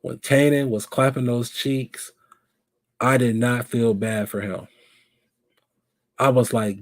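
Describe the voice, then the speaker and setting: Guy hosting a live stream, talks loose and lively and keeps asking the viewers stuff. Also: mid-range voice, slow, long pauses, no echo, clean studio sound. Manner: animated, asks viewers questions. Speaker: live show host. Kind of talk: casual live stream chat.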